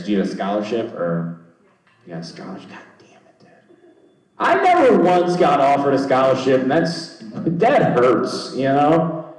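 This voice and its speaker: A young stand-up comedian on a comedy club stage does loose crowd work, rambling, swearing, and mocking himself. His voice sits on the low side with a darkish tone. The audio is poor, very echoey, and recorded far from the mic.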